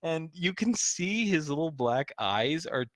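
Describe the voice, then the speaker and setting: A man running a tabletop game as game master, narrating in an animated way with frequent laughter. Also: fairly high pitch, unhurried, no echo.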